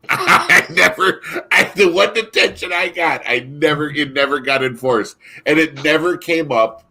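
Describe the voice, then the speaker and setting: A man's voice: a little high, measured pace, pushed and bright. A man co-hosting a casual chat, telling stories in a rambling way, with frequent restarts and laughs. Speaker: podcast co-host.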